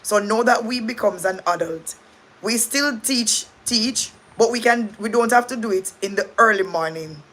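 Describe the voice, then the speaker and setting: A woman's voice: a little high, moderate pace, fairly bright tone. A middle-aged Jamaican woman hosting a casual livestream chat, rambling, restarting sentences and thanking viewers. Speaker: livestream host.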